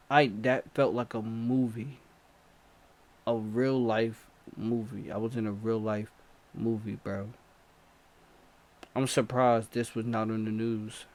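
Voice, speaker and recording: Slow-talking young man telling a wild story. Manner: animated slangy retelling, jumps from low mutters to excited high outbursts. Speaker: storytime vlogger. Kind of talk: casual storytelling.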